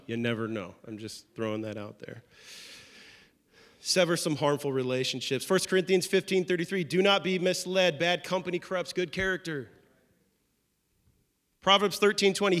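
A man preaching a sermon as pastor, conversational and animated with playful asides. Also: a little high. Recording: long reverb of a large hall.

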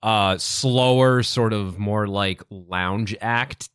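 A man hosting a podcast in a casual chat, rambling with lots of ums and quick laughs. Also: on the low side, a bit bright, clean tone, no echo, studio quality. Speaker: podcast host.

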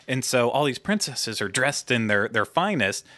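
A man co-hosting a podcast in casual chat, relaxed and agreeable, with many fillers. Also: mid-range voice, moderate pace, slight background noise. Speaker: podcast co-host.

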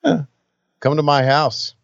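An older man co-hosting a podcast, joking gruffly and swearing freely as he comments on old wrestling footage. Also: on the high side, little pitch movement, measured pace, dry recording, lo-fi sound. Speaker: podcast co-host.

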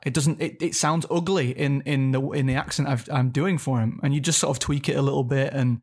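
Guy in his 30s talking thoughtfully about acting, middle pitch, kind of halting. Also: steady tone, a little mellow, breathy edge. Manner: reflective, searching for words. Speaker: actor guest. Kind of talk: interview conversation.

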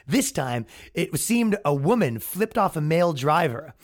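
Sarcastic man with a higher voice. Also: a little slow. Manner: sarcastic, mocking, animated. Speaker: podcast host. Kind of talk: comedic commentary.

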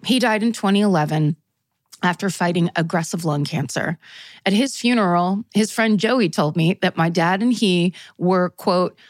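A woman's voice: lowish voice, moderate pace, dry recording. Laughing woman reading letters aloud. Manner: laughs often while reading, playful asides. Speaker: podcast co-host. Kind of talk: casual chat, reading listener letters aloud.

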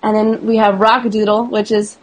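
A woman's voice: mid-range voice, level tone, brisk, poor audio. A woman co-hosting a podcast, talking enthusiastically and chattily about a film's music, explaining points in a list. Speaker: podcast co-host. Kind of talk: casual podcast chat.

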